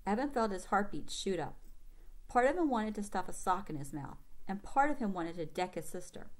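A woman's voice: mid-range voice, expressive, normal speed. A woman reading a children's novel aloud with commentary, asking her young listeners questions like a teacher.

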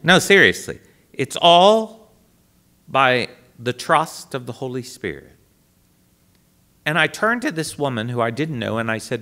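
A man, a priest, telling a story to a live audience in a dramatic, animated way, dropping to a hush and then rising loud. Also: mid-range voice, unhurried, pauses often. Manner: dramatic, animated storyteller who swings between hushed and loud. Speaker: priest giving a talk.

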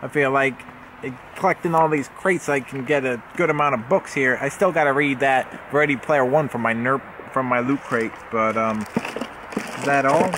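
A man's voice: medium pitch, fairly even intonation, normal speed, background noise. A young man vlogging as he unboxes a subscription box, rambling and jokey, often correcting himself. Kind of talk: casual unboxing vlog.

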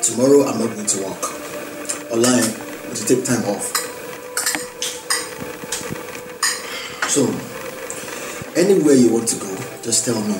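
A man's voice: mid-range voice, fairly quick, natural voice. A man with a Yoruba Nigerian accent acting a remorseful husband who begs his wife's forgiveness, switching between Yoruba and English. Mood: coaxing. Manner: pleading, apologetic, mixing Yoruba and English. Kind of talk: Nollywood film acting. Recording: echoey room, distant mic, background noise.

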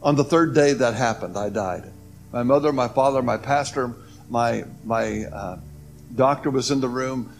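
A man telling a personal testimony story, swinging between loud emphatic lines and hushed, low ones. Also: moderate pace, soft background music. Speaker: testimony speaker.

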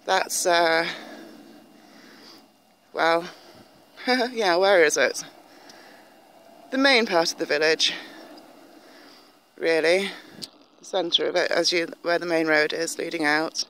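A woman's voice: lowish voice, takes it slowly, long pauses, fairly bright tone, a little hiss or hum. Chatty woman vlogging on a country walk. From northern England. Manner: chatty, rambling, laughs often. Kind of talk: casual walking vlog. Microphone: handheld camera filming herself.

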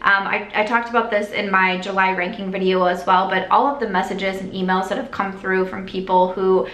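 A young woman talks through her makeup routine in an easy, rambling vlog style, circling back and restarting as she goes. Her voice sits at a middle pitch and the room around her rings with echo. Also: steady tone, fairly quick, fairly bright tone. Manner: rambling, lots of "like" and restarts, earnest. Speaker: beauty vlogger. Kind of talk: chatty get-ready-with-me vlog. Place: at home doing makeup. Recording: echoey room.

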